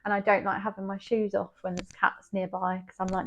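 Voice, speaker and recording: A woman's voice: medium pitch, level tone, fairly quick, a bit bright. A young woman in a casual chat as podcast co-host, giggling and acting out scary moments.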